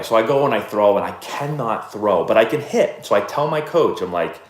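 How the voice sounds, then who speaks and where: A man's voice: lowish voice, normal speed, few pauses, roomy sound. A man from the Boston area hosting a casual live baseball stream, telling stories with lots of fillers and reading out viewer messages. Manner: animated storyteller, many fillers. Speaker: baseball channel host answering live chat. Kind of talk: casual livestream storytelling.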